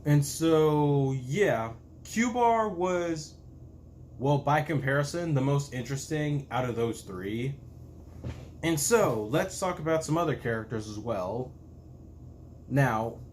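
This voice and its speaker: A man hosting his own show review in a casual spoken style, talking in a halting way with frequent restarts and self-corrections. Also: fairly high pitch, slight background noise. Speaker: YouTube reviewer.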